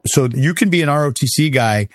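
Animated man telling army stories. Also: on the high side, fairly quick, dry recording, clean studio sound. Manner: animated, acts out quoted voices, laughs often. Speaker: interview guest, army veteran. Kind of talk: casual storytelling interview.

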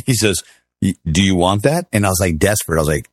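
A man's voice: on the low side, lively intonation, fast talker, no echo. A man in his fifties, a former army officer as guest, telling stories casually and acting out quoted voices with big swings in his voice. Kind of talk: casual storytelling in a conversation.

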